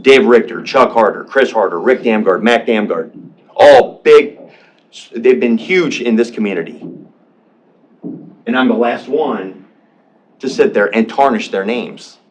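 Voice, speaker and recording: A man's voice: medium pitch, normal speed. A man speaking in public comment at a county board meeting, emotional and defensive, often repeating himself and restarting. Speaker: public commenter, veteran and business owner.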